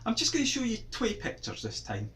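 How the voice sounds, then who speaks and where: A man's voice: very high voice, fairly quick, a little hiss or hum. A Scottish man giving a playful lesson on Scots words to children, quizzing them with questions. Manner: lively, quizzing kids with questions.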